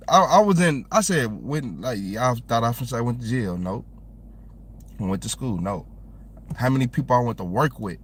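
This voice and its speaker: A young man with a Southern American drawl, talking off the cuff on a livestream. He rambles in a slangy, animated way, and his voice sits at an ordinary middle pitch. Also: moderate pace, slightly rough. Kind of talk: casual livestream chat.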